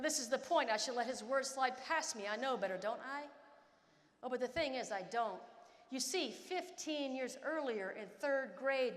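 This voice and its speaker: A woman's voice: high-pitched, a bit bright. A woman in her fifties giving a dramatic motivational keynote, telling stories and acting out scenes. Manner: dramatic, acts out scenes and voices. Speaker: keynote speaker. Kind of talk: motivational storytelling speech. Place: large conference hall. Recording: long hall reverb.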